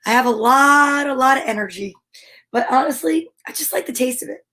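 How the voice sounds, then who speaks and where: High-voiced bubbly woman hosting kids' story time. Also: fairly quick. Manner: bubbly, animated, chatty. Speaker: host of a children's story-time show. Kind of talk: cheerful chat to kids at home.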